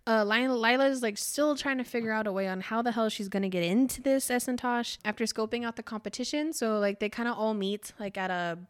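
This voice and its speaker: A woman's voice: a little high, fairly quick, hardly any pauses, clear, resonant tone. A woman co-hosting a book podcast, chatting casually and animatedly as she retells a novel's plot, full of "like" fillers. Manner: animated, laughs often, many "like" fillers.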